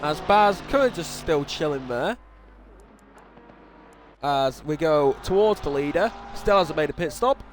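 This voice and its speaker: A young man with a high voice calls a sim race live in a loose, casual way, restarting sentences and poking fun at himself. A faint hum sits behind him. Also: expressive, unhurried, pauses often. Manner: casual, self-deprecating, with restarts and exclamations. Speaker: race commentator. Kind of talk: sim racing commentary.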